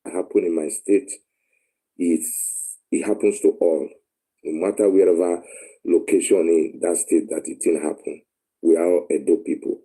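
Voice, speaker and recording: A deep, very dark-toned Nigerian man speaks as a caller in a live online discussion. He talks in a measured, halting way, pausing on fillers as he makes an earnest appeal. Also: steady tone, slightly rough, poor audio. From Edo State, Nigeria.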